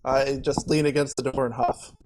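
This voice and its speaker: A man's voice: mid-range voice, flat delivery, normal speed, a little mellow. A man playing a tabletop game over voice chat, brash and demanding, often in character. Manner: brash, demanding, playfully rude. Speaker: player. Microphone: online voice chat mic.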